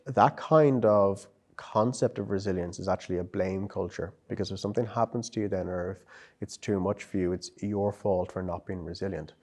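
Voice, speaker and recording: A man's voice: sits low, normal speed, darkish tone. An Irish man, a psychologist and psychotherapist, talking through ideas in a conversational interview, often repeating words as he thinks. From Ireland. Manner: thoughtful, with frequent repetitions and restarts.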